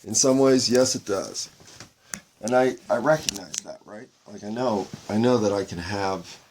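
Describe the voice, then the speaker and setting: A man hosting a solo podcast, talking in a slow, halting way as he searches for words, his voice breaking with tears. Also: lowish voice, a little mellow, slight background noise. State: tearful, voice breaking. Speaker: podcast host. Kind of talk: reflective solo monologue.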